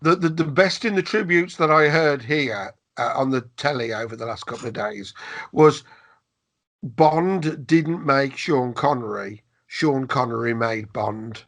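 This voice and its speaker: A man's voice: mid-range voice, measured pace, fairly bright tone. A man co-hosting a podcast in casual chat, jokey and chatty, with frequent restarts. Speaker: podcast co-host.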